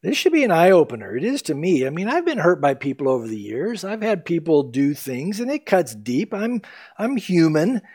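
A man preaching to his congregation with a slightly high voice. He sounds earnest, and he keeps swinging from loud, pressing emphasis down to near-hushed softness. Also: very animated, normal speed, breathy edge. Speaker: pastor. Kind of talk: sermon.

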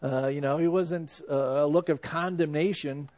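A man's voice: on the high side, normal speed, few pauses, darkish tone, muffled recording. A male pastor giving a sermon in a conversational preaching style, with frequent "you know" asides.

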